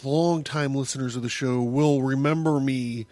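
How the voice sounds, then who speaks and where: A man's voice: mid-range voice, fairly even intonation, normal speed, darkish tone, no room sound. A man hosting his own podcast, talking through a casual solo monologue in a rambling way, with many restarts and chuckles. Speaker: podcast host.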